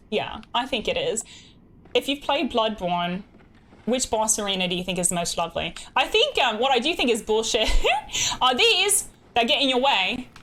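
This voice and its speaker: A young woman, chatting casually with her live chat while gaming, bubbly and quick to laugh. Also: fairly high pitch, a bit bright. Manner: bubbly, laughs often, reads chat aloud. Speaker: streamer.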